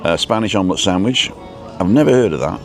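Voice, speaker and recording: A man's voice: deep voice, expressive, fast, over music. A man hosting a casual live stream outdoors at a viewpoint cafe, reading a menu aloud and chatting with viewers.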